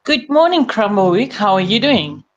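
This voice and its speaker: A woman's voice: mid-range voice, sing-song, moderate pace, muffled recording, a crowd in the background. A chatty woman with a South African accent, talking casually into her phone while lying on her bed at home. She rambles from one thing to the next and laughs often. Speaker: guest on a live stream. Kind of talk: casual chat.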